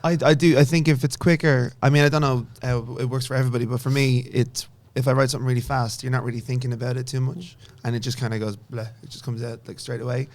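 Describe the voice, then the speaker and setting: A young man with an Irish accent, chatting casually as a singer-songwriter guest in an interview, often trailing off softly. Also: mid-range voice, level tone, fast, hardly any pauses. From Ireland.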